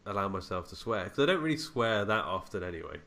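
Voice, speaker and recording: A man's voice: on the low side, big pitch swings, quick pace, sharp tone. A man co-hosting a podcast, chatting casually and rambling about a film, laughing often. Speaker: podcast co-host.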